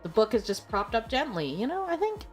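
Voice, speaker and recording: A woman's voice: a little high, sing-song, a little fast, faint music behind. A woman streamer chatting casually with viewers, giggling often and filling her talk with "like" and "you know.". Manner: chatty and giggly, full of filler words. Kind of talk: casual chat.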